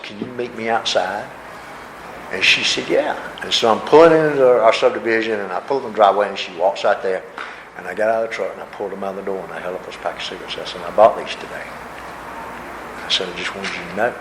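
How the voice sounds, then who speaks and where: A man's voice: on the low side, vocal fry. A man, giving a folksy, self-mocking personal recovery talk at a workshop. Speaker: workshop speaker. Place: convention hall. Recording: echoey room with background noise.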